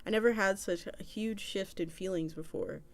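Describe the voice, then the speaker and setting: A woman's voice: mid-range voice, moderate pace. A woman streamer reading an internet story aloud in a casual way, with small slips and restarts.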